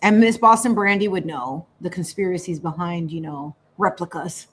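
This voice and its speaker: A woman hosting a casual livestream, chatty and animated, laughing often and slipping into Spanish phrases. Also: fairly low pitch, normal speed, husky. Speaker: livestream host.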